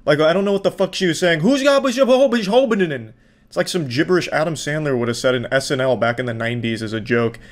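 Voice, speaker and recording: A man from Florida riffs on a clip in casual commentary, sarcastic and full of profanity. His voice sits at a middling pitch and he talks in a relaxed, mocking way. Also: fast talker, hardly any pauses. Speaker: video commentator.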